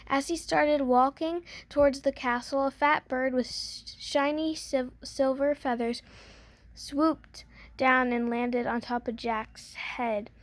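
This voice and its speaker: Woman storyteller, high voice, fairy tale read aloud, dry close sound. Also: dry recording. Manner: gentle storybook reading with small slips.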